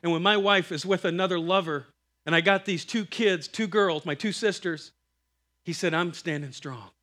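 Animated male preacher, slightly high voice. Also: normal speed. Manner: animated, acts out quoted voices, breaks into laughter. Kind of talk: sermon storytelling.

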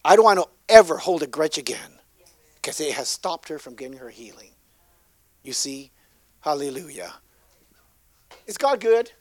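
A man preaching and telling a healing story to a congregation, swinging from loud bursts to hushed asides. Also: a little high, sing-song, moderate pace, pauses often, dry recording. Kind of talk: sermon storytelling.

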